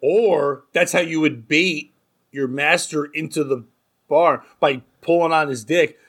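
A man's voice: on the high side, a little slow, a bit bright, husky. A man hosting a casual comedy podcast, telling crude jokes and stories. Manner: crude joking storyteller. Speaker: podcast host.

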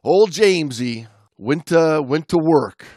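A man's voice: a little high, animated, slow pace, warm tone, no room sound, studio quality. A man co-hosting a podcast in casual chat, joking and teasing his partner. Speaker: podcast co-host.

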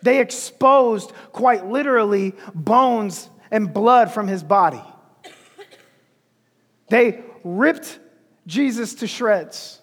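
A man's voice: sits high, takes it slowly, a bit bright. A male pastor preaching a sermon with emphasis, repeating key phrases, recorded in an echoey hall.

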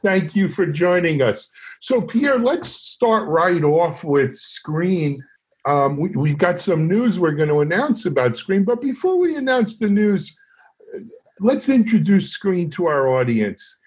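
A man's voice: high voice, very animated, unhurried, darkish tone, breathy edge. A man hosting an interview podcast, asking upbeat questions with a few restarts. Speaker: podcast host.

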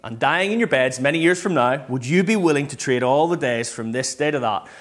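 A man reading a warrior leader's battle speech aloud in a sermon, building in intensity until he shouts. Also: medium pitch, expressive, a little fast, close to an everyday voice. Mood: rousing. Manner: stirring, rising to a shout. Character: rousing male warrior leader addressing troops.

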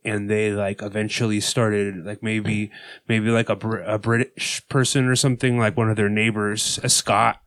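A man co-hosting a podcast, rambling through deadpan, absurd claims with lots of "like". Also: lowish voice, moderate pace, no room sound. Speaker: podcast co-host. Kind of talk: casual chat.

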